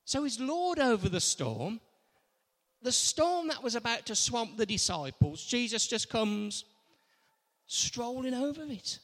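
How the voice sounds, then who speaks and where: Male preacher, slow deliberate sermon delivery, acts out quotes, long hall reverb. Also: very high-pitched. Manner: animated, acts out quotes in voices.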